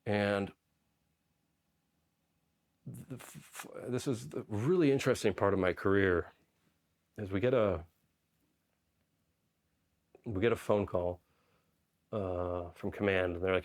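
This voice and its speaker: Low-voiced man telling war stories. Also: takes it slowly, pauses often. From Poland. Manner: rambling, with frequent "like" and "right?". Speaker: guest, Army Special Forces medic. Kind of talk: casual storytelling interview.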